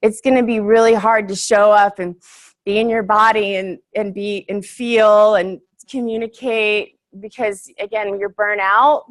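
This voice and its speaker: A woman's voice: mid-range voice, steady tone, a little slow. A young woman giving a casual, earnest workshop talk to a group, chatty and full of fillers, laughing easily.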